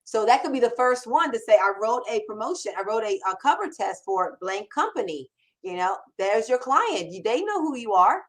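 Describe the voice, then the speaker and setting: A woman's voice: a little high, sing-song, moderate pace, fairly bright tone, rough recording. A woman copywriting mentor hosting a live Q&A, talking in an emphatic, conversational way with frequent restarts. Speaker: copywriting mentor and show host. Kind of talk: live Q&A chat.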